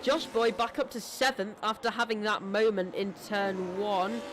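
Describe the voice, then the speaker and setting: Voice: medium pitch, fairly even intonation, background noise. Chatty esports race commentator, voice giving out. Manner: chatty, self-deprecating, quick to apologise. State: losing voice.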